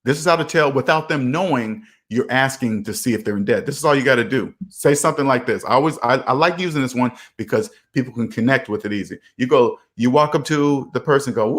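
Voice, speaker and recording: A man's voice: mid-range voice, fast talker, few pauses, fairly bright tone. A man hosting a personal finance channel, giving casual, emphatic advice and acting out the people he quotes.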